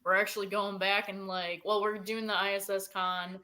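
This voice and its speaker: A woman's voice: mid-range voice, level tone, normal speed, pushed and bright. Young woman guest, chatty and scattered, casual ghost-story talk. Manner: chatty, scattered, acts out quoted voices. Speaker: paranormal investigator guest. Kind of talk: casual chat.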